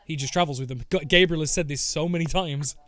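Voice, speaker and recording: A man's voice: a little high, fast talker, fairly bright tone. A British man joins a casual tabletop game over voice chat. His talk rambles, and he presses his point again and again. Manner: rambling, insistent. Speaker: player.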